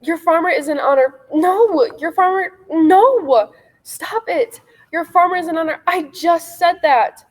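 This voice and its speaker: A woman's voice: extremely high pitch, fairly even intonation, low-quality recording. A woman playing a frazzled, tongue-tied actress. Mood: flustered. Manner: flustered, apologetic, fast self-correcting. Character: frazzled overworked young actress who keeps flubbing lines. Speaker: actress auditioning for a courtroom role. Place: home room. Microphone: video call.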